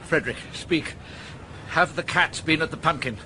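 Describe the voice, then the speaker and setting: An actor playing a vague, fretful elderly earl in a radio drama, fussy and plaintive. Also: male voice, a little high, normal speed, bright, forceful tone, a little hiss or hum. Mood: exasperated.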